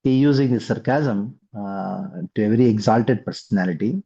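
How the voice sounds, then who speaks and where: A man explains scripture as a spiritual teacher. He speaks in a measured way and pauses often to search for words. His voice is mellow and husky, on a dull, lo-fi recording. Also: lowish voice. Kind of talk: scriptural discourse. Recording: dull lo-fi sound.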